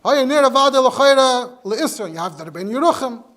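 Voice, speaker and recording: A very high, fairly bright voice with lively intonation and a brisk pace belongs to a rabbi teaching halacha in English. His Torah lecture moves through the sources in careful steps, mixed with Hebrew and Yiddish terms.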